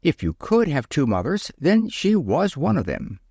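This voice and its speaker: A man narrating a children's storybook in a lively, expressive way. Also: on the high side, a little slow, vocal fry, husky, no room sound.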